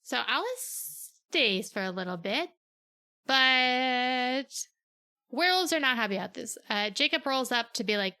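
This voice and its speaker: A young adult woman co-hosting a podcast, casually retelling a book's plot with sarcastic asides and quick acted-out quotes. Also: high voice, clear, resonant tone. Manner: animated, sarcastic retelling, slips into quick character voices. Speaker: podcast co-host.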